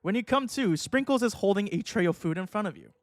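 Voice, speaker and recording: A young adult man streaming a game, talking casually and excitably, swearing and laughing often. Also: high-pitched, fast talker, dry recording. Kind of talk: casual livestream commentary.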